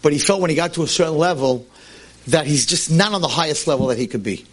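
A man teaching a class, telling a tale in an animated, emphatic way. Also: on the high side, fast. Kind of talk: storytelling lecture.

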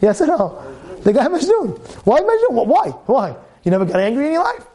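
A man's voice: very high-pitched, huge pitch swings, fairly quick, mellow. A man teaching a weekly Torah-portion class. He talks emphatically, repeats his phrases and keeps firing questions at his listeners.

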